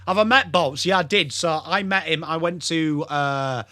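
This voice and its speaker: English male streamer, young, bright and animated, calls the footy and chats to viewers, dry close mic. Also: on the high side, moderate pace, dry recording. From England. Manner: chatty, greets viewers, lively. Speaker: livestream host. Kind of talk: live football watchalong commentary.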